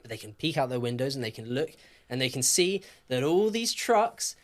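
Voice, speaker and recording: A man co-hosting a podcast, telling history casually in a jokey, animated way. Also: mid-range voice, moderate pace. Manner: lively, jokey, swears, laughs often. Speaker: podcast co-host.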